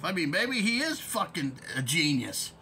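A man's voice: on the high side, sing-song, moderate pace, sharp tone, slight background noise. A man ranting in a vlog as an online commentator, profane, rambling and heated.

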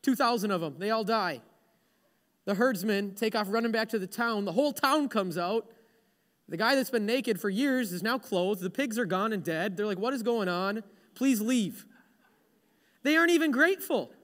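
High-voiced male pastor preaching in a reverberant church. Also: moderate pace, a bit bright. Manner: humorous, self-deprecating storytelling. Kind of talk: sermon.

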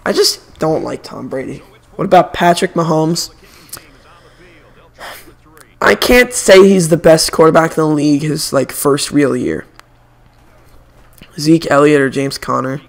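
A man's voice: on the high side, a little slow, vocal fry, pauses often. A young man streaming a video game, chatting casually and giving opinionated sports takes. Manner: opinionated, animated sports banter. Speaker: gaming streamer. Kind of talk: casual chat while playing a video game.

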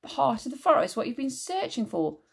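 A woman voicing an excitable young traveller boy who talks eagerly and insistently in dialect. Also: high voice, normal speed, creaky, slightly rough, pitched above the performer's own voice, exaggerated voice. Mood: excited.

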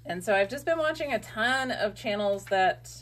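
A woman's voice: mid-range voice, expressive, moderate pace. A woman chatting casually while gluing a scrapbook, rambling and breaking off mid-sentence as she works on her own craft channel. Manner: chatty, rambling, self-interrupting.

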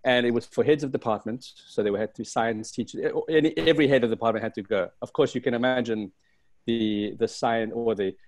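A man joins a webinar panel at an everyday middle pitch, with a dry, close sound. He is hesitant and self-deprecating, and he trips and restarts as he gathers his thoughts. He sounds like a video-call speaker. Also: a little fast, darkish tone, dry recording. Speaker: panelist, facilitator of school workshops. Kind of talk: webinar discussion.

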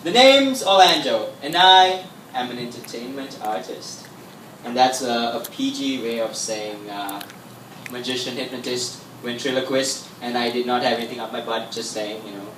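A man's voice: medium pitch, normal speed, noisy background. A young man in his twenties from Sri Lanka with a Sri Lankan accent, a magician chatting with a comedy club crowd in a showman-like way. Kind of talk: stand-up stage patter. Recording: echoey room, mic far off.

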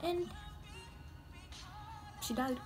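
A woman's voice: high voice, drawn-out words. A young woman chatting candidly and rambling while doing her makeup for a vlog. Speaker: beauty vlogger. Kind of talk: casual get-ready-with-me chat. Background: music.

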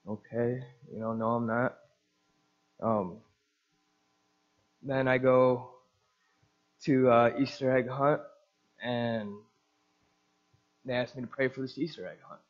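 A man's voice: mid-range voice, fairly even intonation, slow, pauses often, muffled recording. A male pastor giving an earnest testimony sermon, telling his story and acting out the voices of the people in it.

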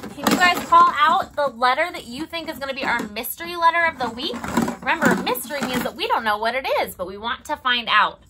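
A young woman leading a preschool story time as a librarian, animated and sing-song, gasping in mock surprise. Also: sits high, quick pace, very noisy. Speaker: children's librarian.

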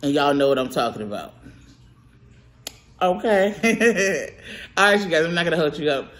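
A woman vlogger from California telling a story to camera while eating, animated and laughing often as she quotes herself. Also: low voice, normal speed. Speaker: mukbang vlogger.

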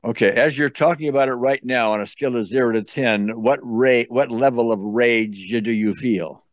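An older man leads a client through a tapping session, calm and guiding, checking in often. His voice sits at an ordinary middle pitch, and it is recorded dry and close. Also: normal speed, no echo. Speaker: tapping coach. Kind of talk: therapy session coaching.

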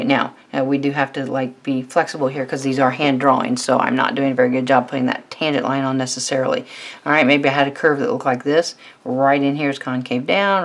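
Woman math instructor, low pitch, steady explainer for a tutorial. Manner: steady, fills pauses with "all right". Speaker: math teacher.

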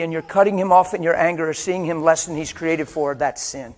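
A middle-aged man preaching a passionate sermon, swinging between loud emphasis and soft, hushed storytelling. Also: on the high side, fairly even intonation, a little fast, hardly any pauses.

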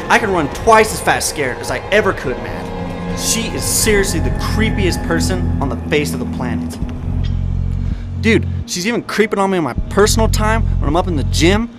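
A man's voice: high-pitched, expressive, moderate pace, over loud music. A young man playing a jumpy, exasperated stalked guy. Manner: jumpy, exasperated, dude-speak. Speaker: talk show guest. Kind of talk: sketch comedy acting.

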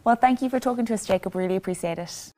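A woman's voice: medium pitch, very fast, loud music behind the voice. A woman interviewer asking questions and chiming in with short affirmations.

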